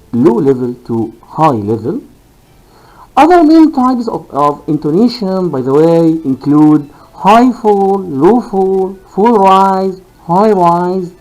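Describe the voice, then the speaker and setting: Slow, lively-pitched male teacher. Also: rough recording. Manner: deliberate, repeats key phrases, fillers. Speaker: linguistics teacher. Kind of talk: recorded lecture.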